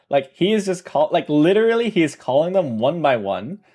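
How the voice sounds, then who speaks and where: A man's voice: fairly high pitch, big pitch swings, moderate pace, darkish tone. A man chatting casually on a livestream, rambling through a story, correcting himself often and laughing. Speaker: streamer.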